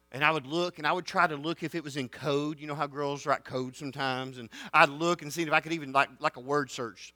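A man preaching to students, rising to shouted excitement. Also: fairly high pitch, no echo. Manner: folksy, builds to shouted excitement. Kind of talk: sermon storytelling.

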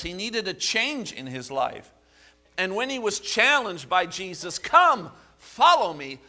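A man preaching a sermon, animated, asking the congregation rhetorical questions. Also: high voice. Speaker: pastor.

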